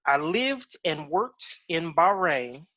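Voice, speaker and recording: A man from Cincinnati talks casually on a stream, his pitch swinging widely as he tells anecdotes and slips into other people's voices. The audio is dull and lo-fi. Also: slow pace. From Cincinnati, Ohio. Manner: animated storyteller who acts out voices in his anecdotes. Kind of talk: casual chat.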